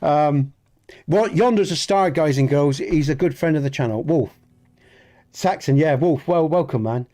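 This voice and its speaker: During a game livestream, an Englishman with a Dorset accent chats with viewers in a mellow, fairly high voice at a moderate pace. He comes across as earnest and rambling, frequently restarting and using mild swearing.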